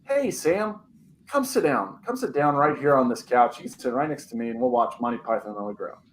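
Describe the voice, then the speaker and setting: A man's voice: medium pitch, expressive, brisk, slight background noise, close to an everyday voice. A man voicing a friend's dad in a spoken story, coaxing and overly inviting.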